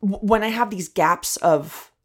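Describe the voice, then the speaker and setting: A woman's voice: mid-range voice, measured pace. A young woman from Venezuela co-hosting a podcast, chatting casually in a rambling, self-deprecating way. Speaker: podcast co-host, comedian. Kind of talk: casual chat.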